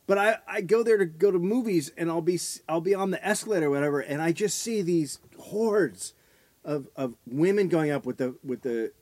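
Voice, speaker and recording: A man's voice: fairly high pitch, brisk, darkish tone, no echo. A man hosting a podcast, telling crude stories in casual comedy chat. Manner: crude, rambling storyteller. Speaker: podcast host.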